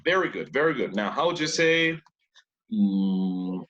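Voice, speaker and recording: Lively, encouraging male English teacher. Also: lowish voice, unhurried, dull audio. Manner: encouraging, repeats answers, praises often; switches between English and Spanish.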